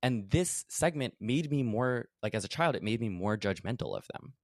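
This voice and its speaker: A man's voice: medium pitch, animated, moderate pace, dry recording, studio quality. A young man hosting a podcast in a casual, chatty way, full of "like" and "you know". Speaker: podcast host. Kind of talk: casual conversational discussion.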